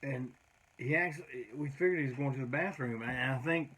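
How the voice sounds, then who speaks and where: A man's voice: mid-range voice, normal speed, fairly bright tone, husky. A middle-aged man, a punk band singer, telling rambling, profane road stories in a casual monologue.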